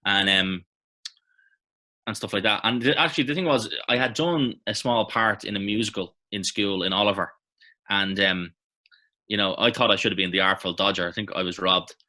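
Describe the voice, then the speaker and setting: An Irish man in his thirties, an actor reminiscing in a relaxed, rambling interview with many fillers and restarts. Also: lowish voice, normal speed. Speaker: actor guest. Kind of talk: casual interview chat.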